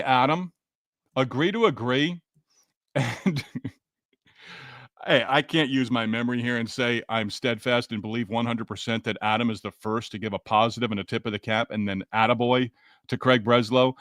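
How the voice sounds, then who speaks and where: A man's voice: mid-range voice, a bit bright, no room sound, studio quality. A man hosting a casual post-game sports podcast, chatting and greeting listeners by name as he reads their comments. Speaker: podcast host. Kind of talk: casual post-game sports talk reading live chat.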